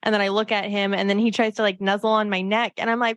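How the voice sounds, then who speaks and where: A woman's voice: medium pitch, little pitch movement, fast, a bit bright, clear, resonant tone, no echo. A woman hosting a podcast, telling personal stories in a chatty way and laughing often. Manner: chatty storytelling with frequent laughs and backchannels. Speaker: podcast host. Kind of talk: casual podcast chat.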